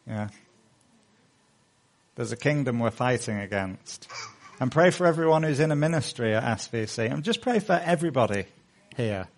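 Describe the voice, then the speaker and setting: A middle-aged male pastor preaching a sermon with earnest, rising appeals, then leading a hushed prayer. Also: medium pitch.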